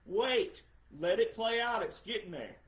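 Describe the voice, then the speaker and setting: A man's voice: high voice, expressive, measured pace. A middle-aged man hosting a podcast, giving an emphatic, lecturing political monologue and repeating phrases for effect. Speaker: podcast host. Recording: roomy echo.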